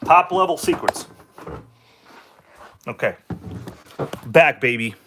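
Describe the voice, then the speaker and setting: A man's voice: a little high, animated, slow, very noisy. A man hosting a casual hobby livestream from home, talking loosely and joking with viewers. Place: at home, kitchen table.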